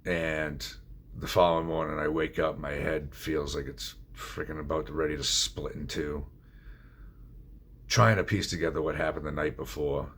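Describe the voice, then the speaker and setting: A man's voice: rumbling low, little pitch movement, normal speed, fairly bright tone, a little hiss or hum. A middle-aged man telling his own story of addiction in a blunt, confessional way, swearing freely. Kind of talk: candid personal storytelling.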